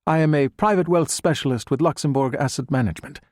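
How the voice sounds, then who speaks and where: A man's voice: on the high side, quick pace, dry recording, clean studio sound, pitched above the performer's own voice, lightly acted. Man doing a cool young agent. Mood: smooth. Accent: American. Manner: quiet, firm, smoothly persuasive. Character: cool young male agent with American English.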